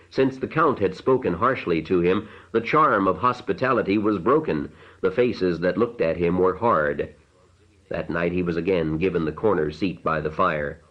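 A man reading an audiobook narration in a measured, unhurried way. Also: low-pitched, dull audio.

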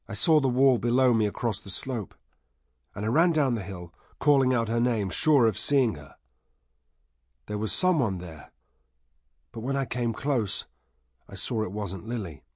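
A man voicing a grieving man haunted by dreams, quiet and weary in a husky hushed voice. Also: on the low side, animated, unhurried, long pauses, dry recording, clean studio sound. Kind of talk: audiobook character voice.

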